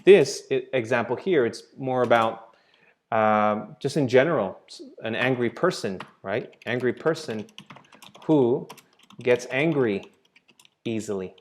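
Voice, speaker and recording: A man teaching English grammar, explaining slowly and checking in with "right?" and "okay?" as he goes. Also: mid-range voice, expressive. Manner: patient, repeats points with "right?" and "okay?".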